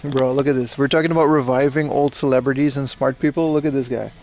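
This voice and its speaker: While browsing a retro game shop on a casual IRL livestream, a chatty male host talks with viewers and reads their messages aloud. He speaks quickly at medium pitch in a steady, darkish tone. Faint music plays in the background.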